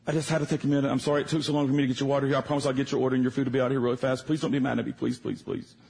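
A man voicing a tearful young waitress who apologizes in a hurried, pleading way. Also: on the high side, level tone, a little mellow, husky.

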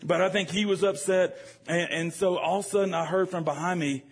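A man delivers a sermon, his voice slightly husky and a touch higher than most. He talks straight to the congregation, animated and joking. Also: a little fast. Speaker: preacher. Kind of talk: storytelling sermon.

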